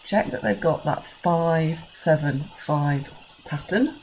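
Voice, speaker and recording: A woman teacher with an English accent, talking young pupils through a recorded lesson and counting out syllables slowly and clearly. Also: deep voice, darkish tone, slight background noise, low-quality recording. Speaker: primary school teacher.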